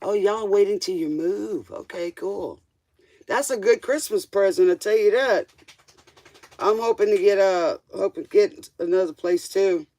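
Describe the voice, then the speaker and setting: A woman's voice: mid-range voice, a little slow, dark tone, no room sound. Laid-back woman tarot reader on a live stream, jokey, lots of laughing, dry voice. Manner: chatty, laughs often, banters with chat. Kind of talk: casual live-stream chat with viewers.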